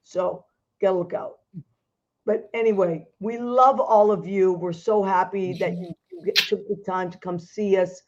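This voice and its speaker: A middle-aged woman hosting a casual chat show, animated and quick to laugh. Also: mid-range voice, highs cut off. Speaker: host.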